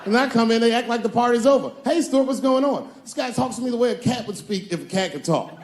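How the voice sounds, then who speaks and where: A man performing a stand-up comedy set, telling stories with animated delivery and acting out other people's voices. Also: extremely high pitch, quick pace, a little hiss or hum. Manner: animated storytelling, acts out characters' voices.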